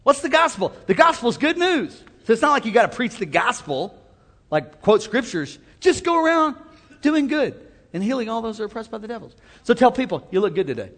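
A man's voice: extremely high pitch, sing-song, a little fast, a bit bright. A man preaching a sermon, mixing call-and-response cries with casual asides. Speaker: pastor. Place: church sanctuary. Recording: long hall reverb.

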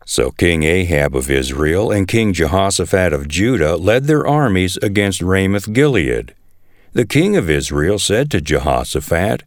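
A man reading scripture aloud in a measured, expressive way. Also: low-pitched, no room sound, clean studio sound. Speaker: scripture reader.

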